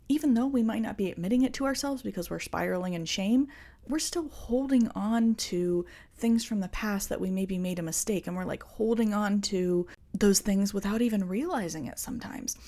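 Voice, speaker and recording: A woman hosting a solo podcast, talking in an earnest, confiding way and gently coaching her listeners. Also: medium pitch. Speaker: podcast host. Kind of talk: reflective solo podcast talk.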